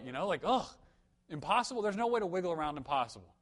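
A man's voice: sits high, sing-song, fast talker, a bit bright. Conversational young man preaching a sermon. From United States. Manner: conversational, storytelling with humor and emphatic peaks.

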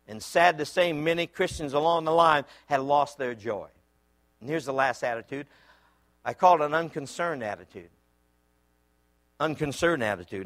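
Animated, bright-voiced male preacher. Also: a little high. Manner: animated, acts out shouting voices in his story. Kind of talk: sermon with comic storytelling.

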